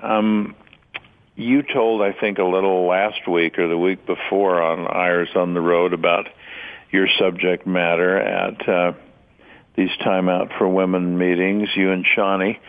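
Deep, gravelly male radio co-host, casual and teasing, heard over thin phone-band audio. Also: steady tone, a little slow, phone-quality sound. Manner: chatty, wry teasing.

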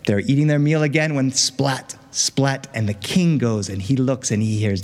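A man telling a fairy tale live to an audience, animated and chatty with playful asides. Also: medium pitch, normal speed, few pauses, big-room sound. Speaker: storyteller. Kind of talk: live oral storytelling.

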